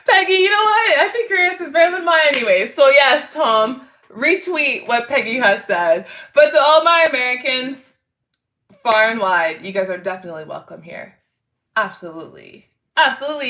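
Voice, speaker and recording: A woman's voice: high voice, animated, moderate pace, bright, forceful tone. A woman from Canada, hosting a casual livestream chat with viewers in a bubbly, chatty way and laughing often. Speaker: host.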